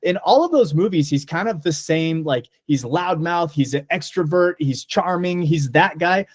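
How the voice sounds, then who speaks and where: A man's voice: fairly high pitch, lively intonation, moderate pace, no echo, studio quality. A man co-hosting a casual movie podcast, talking enthusiastically and rambling with lots of fillers. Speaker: podcast co-host. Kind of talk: casual movie review chat.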